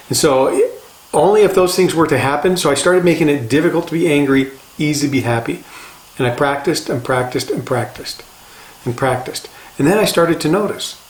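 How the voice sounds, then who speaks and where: A man's voice: on the high side, reverberant. An older man, a life coach, giving an earnest motivational talk in a casual, conversational way and repeating phrases for emphasis.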